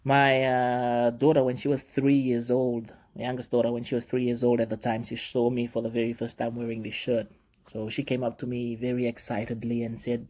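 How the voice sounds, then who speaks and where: A man's voice: medium pitch, monotone, a little fast, darkish tone. A man who works in cruise ship security, telling stories in a casual, rambling monologue full of fillers.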